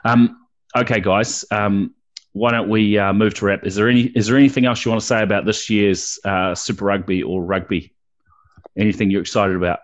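A man's voice: on the low side, fairly even intonation, fairly quick, highs cut off. A New man hosting a casual sports podcast, chatting loosely and swearing freely. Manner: swears freely, laid-back banter. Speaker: podcast host.

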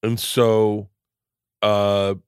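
A man hosting a podcast in casual chat, profane and excitable, rambling through his stories. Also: fairly low pitch, extremely slow, smooth, dry recording, studio quality. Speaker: podcast host.

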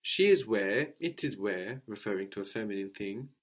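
A man teaching French to a student, explaining slowly and repeating phrases for her to copy. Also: fairly low pitch, lively intonation. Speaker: language teacher.

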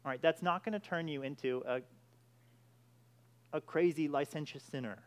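A man's voice: on the high side, moderate pace. A man preaching a sermon, emphatic, with frequent restarts and repeated "all right".

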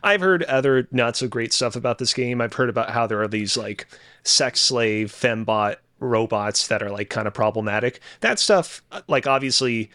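A man co-hosting a casual podcast talks in loose, rambling stretches full of fillers and restarts. His pitch sits in the middle. The sound is close and dry, with no room echo. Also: moderate pace, sharp tone. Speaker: podcast co-host. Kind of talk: casual chat.

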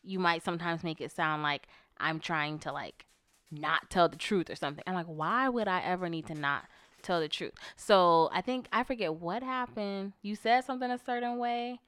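A woman's voice: on the low side, normal speed, a bit bright, clean tone, no echo. A woman co-hosting a casual couples podcast, telling her side of a story and quoting herself and her partner. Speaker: podcast co-host.

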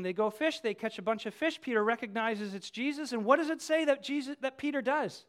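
A pastor preaching a sermon, telling the story with animated swings from hushed to loud. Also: medium pitch, a little fast, hardly any pauses.

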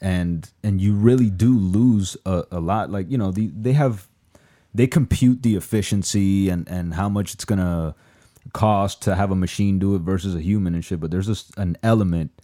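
A man's voice: low voice, normal speed, dark tone. A man, hosting a casual chat and musing conversationally with casual swearing.

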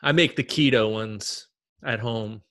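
A man with a medium-pitched, fairly bright voice hosts a podcast at an unhurried pace. He asks questions in a chatty, informal, rambling style during a casual interview.

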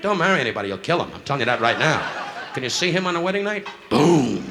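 On a noisy 1960s live album, a nightclub comic with a high-leaning, sing-song voice does crowd work. He trades quick insults with the audience, taking rapid-fire shots at individual members.

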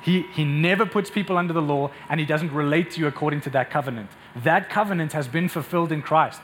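A man's voice: a little high, quick pace, a little hiss or hum. A man preaching a sermon with passion, often repeating words as he builds up. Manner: impassioned, repeats words when excited.

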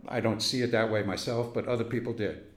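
In a roomy-sounding oral history recording, an older man from Brooklyn, New York tells stories of growing up, chuckling and imitating the voices he quotes. He talks fast at a fairly low pitch with fairly even intonation.

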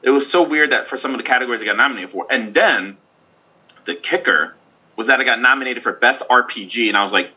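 A man chats casually on a gaming podcast, ranting with lively asides. His voice is very bright and a bit husky. The audio is somewhat dull and lo-fi. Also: mid-range voice. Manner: animated, ranting, quick asides. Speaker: podcast co-host. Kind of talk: casual chat.

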